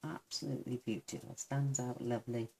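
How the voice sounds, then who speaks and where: A woman from the United Kingdom demonstrating card making, soft-spoken and mumbling to herself, gushing over her work. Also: a bass voice, steady tone, brisk, creaky, a little hiss or hum. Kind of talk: crafting tutorial.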